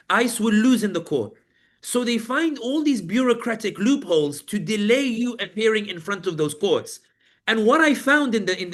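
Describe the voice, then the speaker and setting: A British man, a journalist, giving a personal account at a talk and vividly acting out the voices of the people in it. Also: high voice. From Britain. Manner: vivid storytelling, acting out the voices of guards and inmates.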